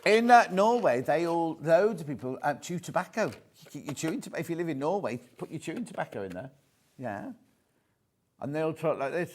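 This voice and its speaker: With a fairly high pitch, big pitch swings and a slightly fast pace, a British man pitches products live on a shopping channel in a TV studio; there's a little hiss or hum. He jokes and chats, repeating prices as he shows each product.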